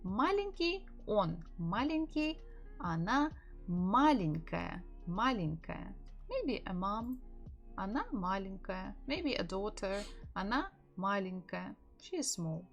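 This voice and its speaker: A woman whose first language is Russian teaching a live language lesson, slowly repeating words for learners to echo, laughing lightly between explanations. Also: mid-range voice.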